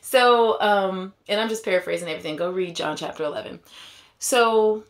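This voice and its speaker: A woman's voice: mid-range voice, moderate pace. A woman giving a casual Bible retelling, paraphrasing in slangy everyday speech with conversational asides and frequent laughter. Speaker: Bible teacher.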